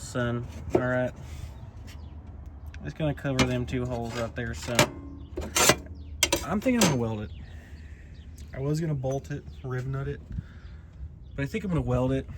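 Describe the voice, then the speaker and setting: A man's voice: medium pitch, animated, moderate pace, long pauses, heavy background noise. A man showing his car project in a garage, rambling and joking as he talks to viewers. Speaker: car builder vlogger. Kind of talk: casual garage walkthrough.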